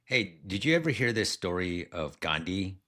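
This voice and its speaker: A man co-hosting a podcast, chatting casually and telling animated stories in which he acts out the people he quotes. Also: deep voice, moderate pace. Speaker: podcast co-host, martial arts school owner.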